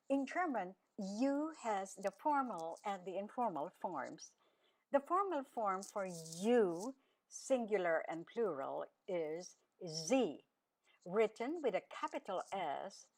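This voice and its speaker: A woman teaching a radio language lesson, enunciating slowly and carefully and repeating each word. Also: mid-range voice, darkish tone.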